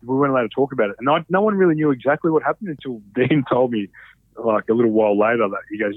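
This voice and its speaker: A man telling stories in a casual, animated way, swearing freely. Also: mid-range voice, racing, dry recording. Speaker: podcast guest, former reality show contestant. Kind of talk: casual storytelling. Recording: dry, phone-like narrow sound.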